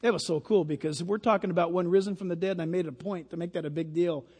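High-voiced preacher in an echoing hall. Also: male voice, steady tone, fast talker, darkish tone, slightly rough. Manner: emphatic, storytelling. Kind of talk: sermon. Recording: long hall reverb.

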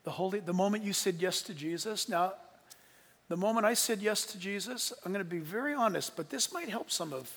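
A man's voice: high-pitched, lively intonation, a little fast, long reverb tail. Earnest older male pastor preaching. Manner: earnest storytelling, swinging from hushed to emphatic. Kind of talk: sermon.

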